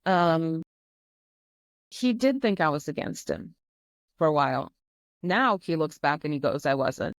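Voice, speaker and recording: A woman's voice: deep voice, expressive, a little slow, long pauses, no echo. A woman speaking as a podcast guest, talking candidly in an earnest, emphatic way. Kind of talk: candid conversational interview.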